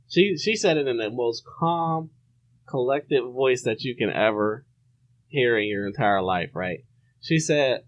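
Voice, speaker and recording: A young man hosting a podcast, telling a story in a lively, animated way, often restarting and acting out the voices. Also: medium pitch, normal speed, highs cut off. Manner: animated, restarts a lot, acts out the people in his story. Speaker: podcast host. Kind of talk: casual storytelling.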